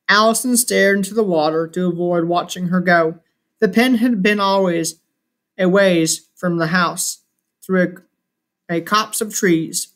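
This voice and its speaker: Brief: plain storybook narrator, unpolished read with restarts, mid pitch. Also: measured pace, a bit bright. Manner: unpolished reading with slips and restarts. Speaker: reader. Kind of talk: reading a novel aloud.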